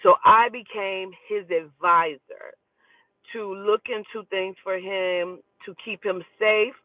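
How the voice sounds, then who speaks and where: A woman who works as a spiritual advisor, telling a personal story in a lively, profane, gossipy way and acting out the dialogue. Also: medium pitch, slow, no echo. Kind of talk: casual storytelling. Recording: tinny phone-like dry sound.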